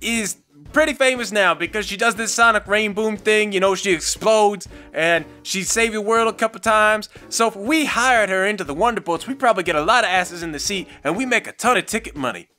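Woman putting on a bossy scheming lady team boss, bright voice, brisk and offhand. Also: mid-range voice, faint music behind, lightly acted. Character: scheming pushy female team leader.

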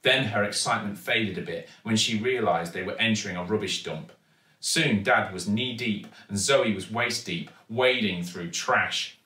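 A man with an English accent reading a children's storybook aloud with steady, expressive storytelling. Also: on the low side, moderate pace, distant mic. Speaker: actor reading a children's book. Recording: echoey room, voice from off-mic.

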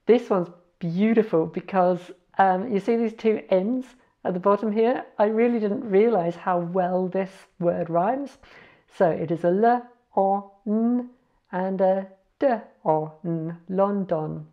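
Speaking at a medium pitch, a woman shares foreign words in a relaxed, chatty manner, going letter by letter slowly and correcting herself. The sound lacks its upper frequencies.

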